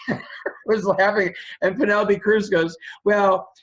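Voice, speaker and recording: Guest, man with a runny nose, raised pitch, rambling chatty storyteller. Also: steady tone, unhurried, a bit bright, breathy edge, lo-fi sound. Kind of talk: casual storytelling interview.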